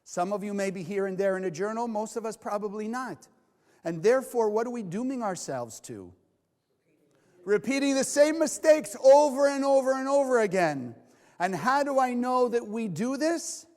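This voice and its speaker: A man's voice: high voice, moderate pace, big-room sound. A man teaching Kabbalah to a live audience, asking them questions and acting out the voices in people's heads. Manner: animated, acts out inner voices, asks the audience questions.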